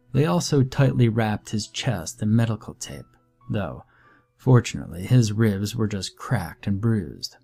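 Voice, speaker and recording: Slow, dark-voiced male horror narrator. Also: on the low side. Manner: slow, grave, measured. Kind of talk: scripted horror story narration.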